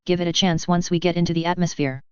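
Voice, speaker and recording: A woman's voice: fairly low pitch, steady tone, fast, clear, resonant tone, no echo, close to an everyday voice. A woman voicing a cheerful, teasing male pilot in a light manner, on a dull, dry recording.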